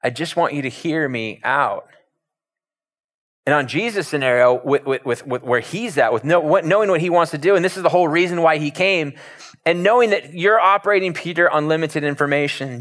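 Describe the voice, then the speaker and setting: Speaking quickly with a fairly high pitch, a man delivers a sermon as a pastor, spinning it like a lively, conversational story.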